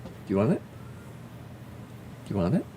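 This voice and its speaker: Lively low-voiced man chatting while working. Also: moderate pace, a little hiss or hum. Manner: chatty, muttering to himself and cooing at his pet. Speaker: fantasy map maker. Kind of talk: casual livestream chat while working.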